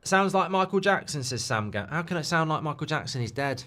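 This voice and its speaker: A man hosting a live football watchalong, chatting his way through the results. His pitch jumps around a lot as he throws in quick asides. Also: animated, bright, forceful tone. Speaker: host.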